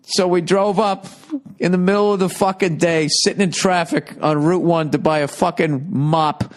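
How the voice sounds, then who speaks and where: A man's voice: sits high, fairly even intonation, moderate pace. A middle-aged man telling stories in a casual, profane, rambling monologue with self-mocking asides. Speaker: comedian.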